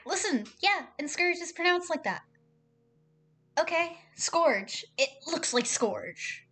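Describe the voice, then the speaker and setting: A woman's voice: very high voice, lively intonation, a little slow, a bit bright, faint music behind. A young woman streaming herself playing a visual novel at home. She reads the game text aloud and breaks off into chatty, exasperated asides.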